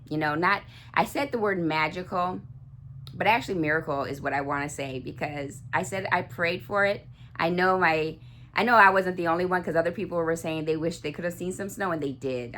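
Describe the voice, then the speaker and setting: A woman's voice: sits low, a bit bright, a little hiss or hum. A middle-aged woman chatting casually to camera about her dolls, gushing and full of fillers and restarts. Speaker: doll collector vlogger. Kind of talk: casual chat.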